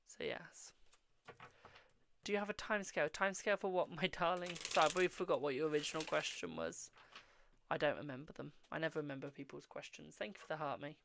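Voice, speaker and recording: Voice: medium pitch, steady tone, fast talker, gravelly, noisy background. A host reading tarot on a live stream, answering viewers' questions, calling them "my darling" and murmuring while drawing cards. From England.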